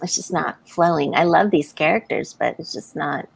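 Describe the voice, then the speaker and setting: A woman's voice: deep voice, normal speed, vocal fry, slightly rough, no echo, poor audio. An American woman hosting a live writing stream, chatting casually, laughing often and reading viewer comments aloud. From United States. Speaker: livestream host.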